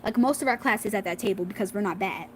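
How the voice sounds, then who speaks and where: This girl is a fast talker with a medium-pitched voice, rambling through a school drama story for her vlog. She leans on fillers and "like," imitates what classmates said, and the poor audio carries a little hiss or hum.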